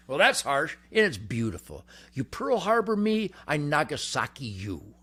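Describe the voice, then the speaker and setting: An older man hosting a rambling, boastful monologue, brash and cocky, swinging from booming shouts to low mutters. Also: huge pitch swings, normal speed, hardly any pauses, husky. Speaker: host.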